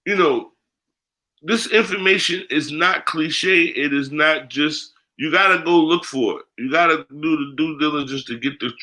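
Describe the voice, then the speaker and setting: A man's voice: a little high, normal speed, sharp tone. A man speaking in an interview, talking bluntly with heavy profanity and street slang. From United States. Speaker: guest, spiritual priest. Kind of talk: candid interview talk.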